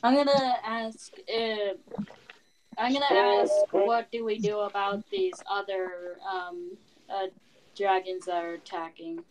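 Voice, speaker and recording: A young woman playing a tabletop game, speaking slowly and casually. She hesitates often, restarting her sentences and filling pauses with ums. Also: medium pitch, fairly even intonation, background noise. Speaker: player.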